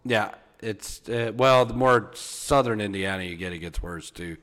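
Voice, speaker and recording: A man's voice: lowish voice, fairly bright tone. A man co-hosting a podcast, trading crude jokes in casual banter. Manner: crude, joking, drawn-out delivery. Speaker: podcast co-host.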